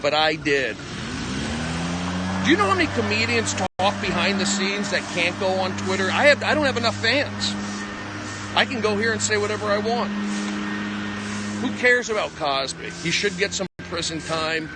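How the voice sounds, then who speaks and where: A male comedian ranting in a rambling live stream monologue, combative, with jumpy pitch, recorded on a phone outdoors on a city walk. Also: sing-song, moderate pace, pauses often, heavy background noise. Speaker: comedian livestreaming. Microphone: phone at arm's length.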